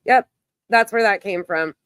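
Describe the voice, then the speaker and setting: A woman's voice: mid-range voice, a little slow, clean tone, no echo. A woman hosting a casual livestream who talks bluntly, swears and greets her chat by name, and she is losing her voice. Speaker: livestream host.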